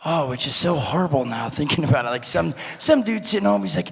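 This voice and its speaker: A man casually telling a long personal story, animated and profane, acting out the voices he quotes. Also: on the high side, quick pace, creaky, hardly any pauses, slightly rough, big-room sound. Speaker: podcast co-host.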